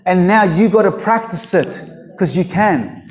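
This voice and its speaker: A man's voice: high voice, expressive, measured pace. A man preaching a sermon as pastor, emphatic and full of rhetorical questions to the congregation. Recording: echoey hall.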